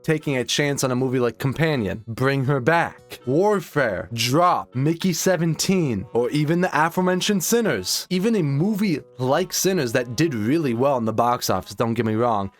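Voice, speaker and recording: A man's voice: mid-range voice, expressive, moderate pace, few pauses, faint music behind. A young man ranting as a film commentator, exasperated, sarcastic and often profane.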